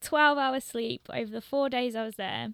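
A woman's voice: on the high side, moderate pace, creaky, a bit bright, smooth, no echo, studio quality. A young woman with a London accent, chatting casually as a guest, laughing often and filling her talk with "like" and "um". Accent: London English. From London, England. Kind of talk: casual chat.

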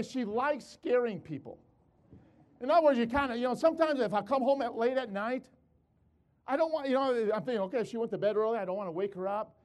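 An older man preaching a sermon, telling a family story with animated delivery and repeated words, calling out to his audience. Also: very high-pitched.

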